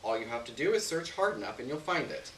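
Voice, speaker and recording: A man reading a story aloud on stage in an expressive first-person narration. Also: mid-range voice, fast. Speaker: story reader. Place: stage venue. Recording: roomy, distant, faint hiss.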